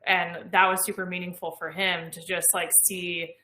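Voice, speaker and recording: Woman, 30s, bright and enthusiastic; explains clearly in an interview, echoey room. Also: fairly low pitch, flat delivery, moderate pace. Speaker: astronaut guest. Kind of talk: conversational interview.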